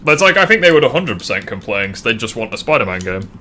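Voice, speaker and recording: Bright-voiced joking male streamer. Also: medium pitch, sing-song, fast, a little hiss or hum. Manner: joking, swears freely. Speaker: streamer host. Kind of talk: casual livestream chat while gaming.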